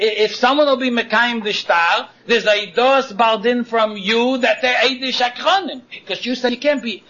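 A man teaching a Talmud lesson in a lively chanting singsong, arguing both sides of a case in the first person. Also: very high-pitched. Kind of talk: Talmud study lecture. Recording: dull lo-fi recording.

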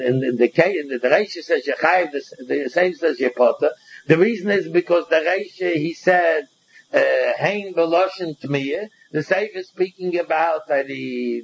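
A man's voice: on the high side, darkish tone, slightly rough, dull audio. A man teaching a Talmud class, explaining step by step and often repeating words as he goes.

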